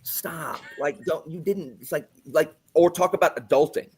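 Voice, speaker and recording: A man's voice: a little high, moderate pace, darkish tone, breathy edge. A man in casual book-club chat, ranting with sarcasm and putting on mock quotes. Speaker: book club podcast host.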